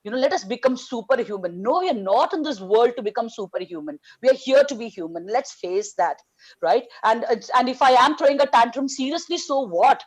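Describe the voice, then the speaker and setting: A woman's voice: on the high side, lively intonation, a little fast, low-quality recording. A woman speaking passionately on a panel, blunt and fiery, swearing freely.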